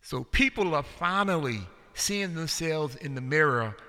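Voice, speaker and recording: Animated man hosting a comedy show. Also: on the high side. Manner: animated storytelling, slows down for punchlines. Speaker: host. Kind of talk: stand-up comedy routine to a live audience. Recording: crowd and room noise. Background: audience laughter.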